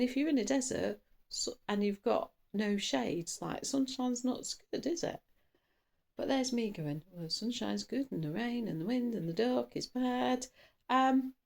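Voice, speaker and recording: A woman's voice: medium pitch, gravelly, a little mellow. A woman giving a casual tarot reading, chatty and rambling, trailing off and restarting, with caffeinated bursts of speed. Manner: buzzy from coffee, bursts of speed. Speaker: tarot reader.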